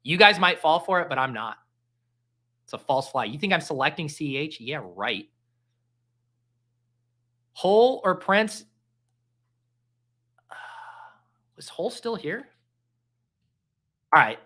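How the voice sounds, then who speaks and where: Guy hosting a fantasy football draft stream, rambly and jokey, bright voice. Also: a little high, sing-song, slow pace, long pauses. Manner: rambling, jokey, self-deprecating. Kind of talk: casual live-stream draft chat.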